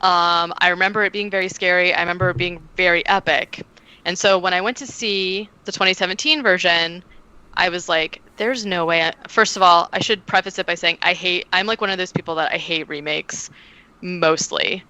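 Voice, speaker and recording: Woman, podcast guest, chatty storytelling, bright and smooth voice. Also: fairly low pitch, steady tone, normal speed, dry recording, low-quality recording. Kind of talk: casual chat.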